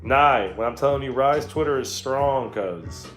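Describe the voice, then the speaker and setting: An unhurried man with a mid-range voice streams live while painting at home, swapping stories laced with swearing and laughs. The recording carries a roomy echo and faint guitar music.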